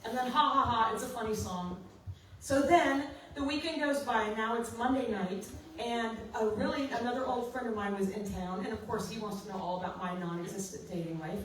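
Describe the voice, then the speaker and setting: A woman's voice: medium pitch, brisk, hardly any pauses, a bit bright, a little hiss or hum. A middle-aged woman songwriter telling a self-mocking story at a house concert, laughing often. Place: living room house concert. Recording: roomy, distant mic.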